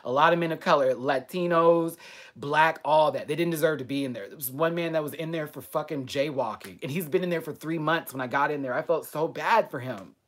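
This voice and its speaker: A man vlogging live to his viewers, telling a personal story in an outspoken way with lots of swearing. He talks straight to the audience, swinging from loud emphasis to quiet asides. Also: on the high side, brisk. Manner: frequent profanity and direct address to viewers. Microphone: webcam or computer mic on a live stream.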